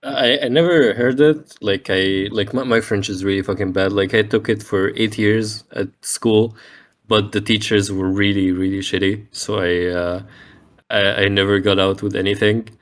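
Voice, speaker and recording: A man talking as a guest on a casual interview podcast, halting and searching for words with lots of fillers. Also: on the low side, steady tone. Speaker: podcast guest, digital painter.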